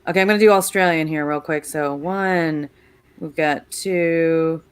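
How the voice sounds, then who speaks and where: A woman in casual chat who is counting votes aloud, halting and casual. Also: low voice, smooth. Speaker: vote counter.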